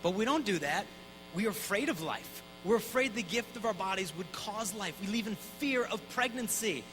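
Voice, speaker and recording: A man in his thirties giving an energetic, conversational talk at a conference, acting out voices in his stories. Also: sits high, normal speed, music in the background, low-quality recording. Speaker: Catholic speaker. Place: conference hall.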